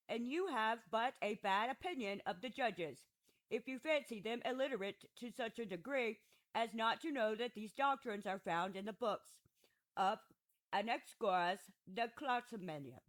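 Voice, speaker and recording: Woman audiobook reader doing old philosopher on trial, picks apart his accuser, dry ironic questions, a bit high. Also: natural voice, low-quality recording. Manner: patient, argumentative questioning. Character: aging male philosopher on trial, ironic and probing. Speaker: audiobook narrator. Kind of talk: audiobook reading of a classic dialogue.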